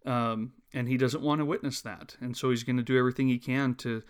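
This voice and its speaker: A man co-hosting a casual film discussion, earnest and halting, restarting his sentences often. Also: medium pitch, fairly even intonation, smooth. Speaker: podcast co-host.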